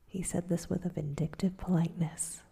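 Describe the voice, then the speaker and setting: Soft whispering woman reading a storybook. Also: on the low side, little pitch movement. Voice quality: breathy whisper. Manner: soft, unhurried reading that voices the characters' lines.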